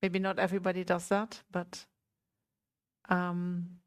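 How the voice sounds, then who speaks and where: A woman teacher giving a Buddhist talk to a small group, gentle and unhurried, often asking her listeners questions. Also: lowish voice, monotone, clear, resonant tone. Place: meditation center hall.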